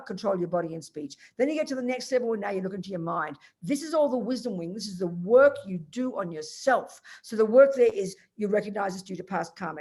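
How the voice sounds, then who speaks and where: A woman's voice: mid-range voice, a little mellow, breathy edge. An older woman, a Buddhist teacher, giving a direct, emphatic dharma teaching over a video call. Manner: direct, emphatic, explains point by point.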